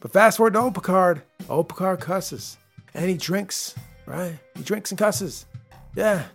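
A man's voice: sits high, lively intonation, unhurried, vocal fry, husky, faint music behind. A man hosting his own podcast, talking casually and rambling through an episode review with frequent restarts. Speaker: podcast host.

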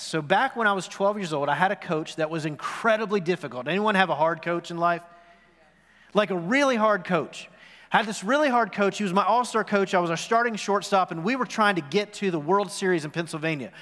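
A man in his forties with a high, fairly bright voice preaches a sermon in a church sanctuary. As pastor, he tells a story and questions the congregation, and the recording has the long reverb of a worship hall.

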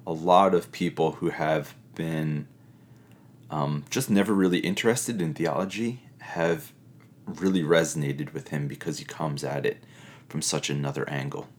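Middle-aged guy, really low voice, earnest reflective teaching talk, lots of pauses and ums. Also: fairly even intonation, slight background noise. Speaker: pastor or teacher giving a talk.

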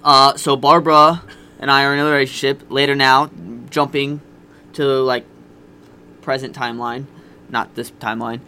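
A man's voice: mid-range voice, flat delivery, normal speed, bright, forceful tone, a little hiss or hum. A young man casually telling a candid, profane personal story on a podcast. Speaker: podcast guest.

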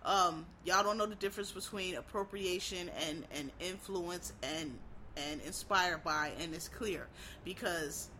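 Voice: mid-range voice, unhurried, bright, forceful tone, a little hiss or hum, low-quality recording. A vlogger from Philadelphia with a Philadelphia accent, rambling casually and profanely to viewers as "y'all".

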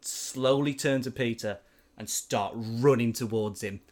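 A man's voice: medium pitch, unhurried, a little mellow. A man animatedly telling a story in casual chat, with lots of filler words.

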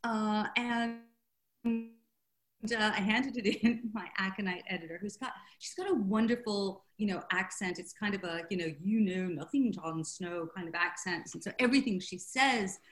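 A woman's voice: medium pitch, moderate pace, fairly bright tone. An older woman author telling a long anecdote in an interview, chatty and self-deprecating, laughing often. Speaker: author guest. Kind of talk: interview storytelling.

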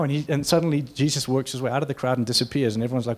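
A man's voice: medium pitch, fairly even intonation, very fast. Earnest conversational male preacher. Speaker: pastor. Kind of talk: sermon.

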